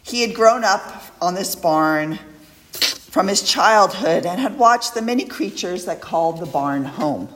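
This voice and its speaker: Slow, low-voiced woman preaching. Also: expressive, noisy background. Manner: slow, reflective reading. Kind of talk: sermon reading a poem. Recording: echoey hall.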